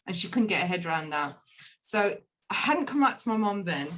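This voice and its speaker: A woman's voice: fairly low pitch, sing-song, brisk, a bit bright. A middle-aged woman, candidly telling her life story in a casual chat and slipping into Punjabi phrases when quoting her mother. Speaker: guest volunteer.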